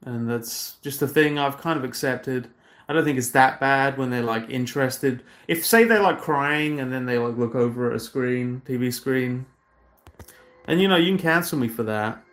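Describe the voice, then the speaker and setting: A man's voice: medium pitch, normal speed, a bit bright. A British man of thirty-one chatting casually on a livestream, rambling and self-deprecating, with many fillers and restarts. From Britain. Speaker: streamer.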